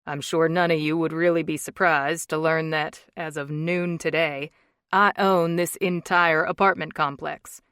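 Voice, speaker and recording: A woman's voice: sits low, steady tone, measured pace, fairly bright tone, clean tone, dry recording, studio quality. A woman narrator voicing a sarcastic, hot-tempered young man who teases wryly and drags out his words. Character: cocky teasing young man, sarcastic billionaire.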